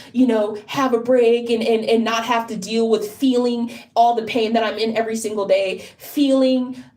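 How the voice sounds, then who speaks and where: A woman in deep distress, speaking bluntly and profanely in an unscripted monologue to camera, often stopping to repeat herself. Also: a little mellow. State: deeply distressed. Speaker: vlogger.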